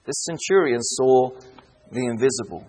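A man preaching a sermon with rising fervor and dramatic pauses. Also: mid-range voice, darkish tone, slightly rough. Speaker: pastor.

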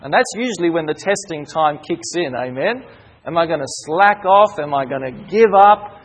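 A man preaching a sermon in a high, husky voice. He peppers his talk with rhetorical questions and calls for amens. He drags out key words and stalls on repeated fillers. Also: lively intonation, low-quality recording. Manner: slows and stresses key words, with hesitant fillers. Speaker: pastor.

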